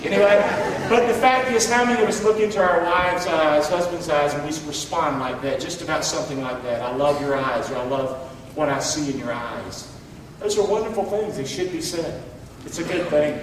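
A middle-aged male pastor preaching in a folksy, animated way, full of questions to the congregation. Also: high voice, normal speed, a little hiss or hum. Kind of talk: sermon. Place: church sanctuary. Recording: echoey hall from far off.

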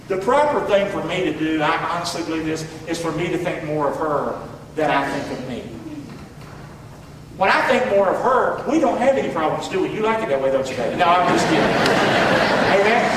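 A man preaching a sermon as pastor, animated, quoting scripture in dramatic voices and joking with the congregation. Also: high voice, slight background noise. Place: church sanctuary. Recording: echoey hall, mic at a distance.

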